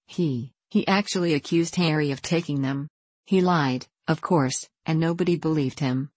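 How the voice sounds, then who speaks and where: A woman reading a crisp, haughty young woman. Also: sits low, a little mellow, no echo. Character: proud, stubborn young woman rider.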